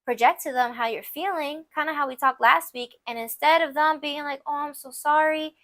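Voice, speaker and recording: A woman's voice: high voice, a little fast, a bit bright, no echo. A young woman hosting a casual advice podcast, candid and emphatic, full of "like" and playful asides. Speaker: podcast host.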